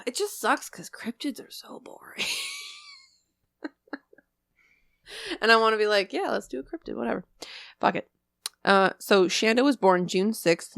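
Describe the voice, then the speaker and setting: A woman's voice: medium pitch, a bit bright, clean tone, no echo, clean studio sound. A young woman co-hosting a casual podcast, joking, swearing and teasing as she chats. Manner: swearing, laughing, teasing banter. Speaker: podcast co-host. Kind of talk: casual chat.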